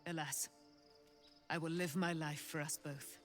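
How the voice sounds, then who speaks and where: An actor playing a solemn husband mourning his lost wife in a video game, speaking quietly and sorrowfully. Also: on the high side, steady tone, measured pace, over music, natural voice. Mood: mournful.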